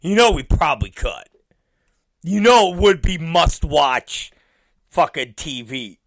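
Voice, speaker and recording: A man's voice: fairly high pitch, lively intonation, takes it slowly. A male show host rambling profanely in a casual podcast rant.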